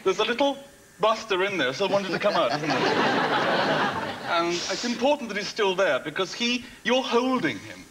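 A man making mocking, jokey remarks on a talk show. His slightly high voice leaps around in a lively way, under the loud hiss of an old TV broadcast. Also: moderate pace, over a noisy crowd.

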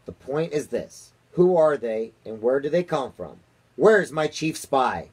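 A man voicing a flustered, pompous male president in a children's story, speaking loud and excitable. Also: mid-range voice, a little slow, husky, voice pushed up. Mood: excited, demanding.

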